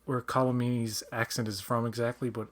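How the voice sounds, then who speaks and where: A man's voice: mid-range voice, flat delivery. Rambling man with a light Newfoundland accent. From Newfoundland, Canada. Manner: rambling, self-deprecating, quick to laugh. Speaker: podcast guest. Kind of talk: casual fan commentary chat.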